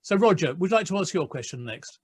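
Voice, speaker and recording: A man with a slightly raised voice chairs an online Q&A. He is polite and halting, filling gaps with small hesitations as he calls on each questioner. The sound is dry and close. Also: high-pitched, animated, darkish tone, slightly rough, no room sound. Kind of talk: moderating a Q&A.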